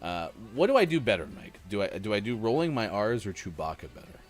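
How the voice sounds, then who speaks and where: A man's voice: lowish voice, big pitch swings, quick pace. A man hosting a morning show over voice chat, chatting casually, laughing often and poking fun at himself. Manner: giggly, self-deprecating, laughs often. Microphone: calling in over voice chat.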